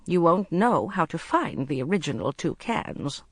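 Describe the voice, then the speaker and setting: An audiobook narrator reading the lines of a calm, stubborn elderly woman spy who speaks steadily. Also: low-pitched, a little slow, slightly rough, no room sound, studio quality, heavily acted. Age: older.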